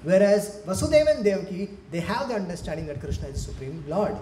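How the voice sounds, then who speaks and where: Animated male temple lecturer. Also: sits high, quick pace. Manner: animated storytelling, many restarts. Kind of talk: devotional lecture. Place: temple hall. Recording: echoey hall, faint noise.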